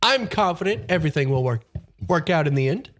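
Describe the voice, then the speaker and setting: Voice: medium pitch, expressive, a little fast, faint music behind, close to an everyday voice. A game master voicing an optimistic, cheerful male satyr in a tabletop game, breezy and self-assured. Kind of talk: tabletop role-play voicing.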